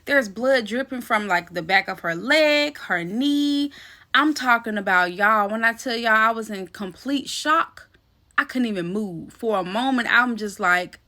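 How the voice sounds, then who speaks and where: A young woman telling a personal story to her viewers in a casual, animated, slangy way, cursing freely and calling the audience "y'all.". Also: a little high, normal speed. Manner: swears freely and laughs while telling the story.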